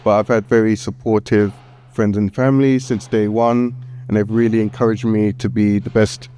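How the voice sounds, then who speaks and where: A man's voice: fairly low pitch, level tone, moderate pace, warm tone, clean tone. A man speaking as a panelist, laughing and self-deprecating. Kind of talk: panel talk.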